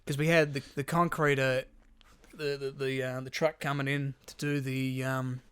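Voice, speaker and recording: Bright-voiced guy telling rambling stories. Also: medium pitch, level tone, normal speed, clear, resonant tone, no room sound. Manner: rambling storyteller, lots of swearing and restarts. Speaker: podcast co-host. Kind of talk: casual chat.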